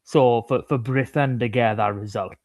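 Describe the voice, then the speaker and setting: A man's voice: mid-range voice, steady tone, darkish tone, dry recording. A man chatting and bantering on a rugby podcast. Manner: jokey, quick banter. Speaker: podcast co-host. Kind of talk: casual sports chat.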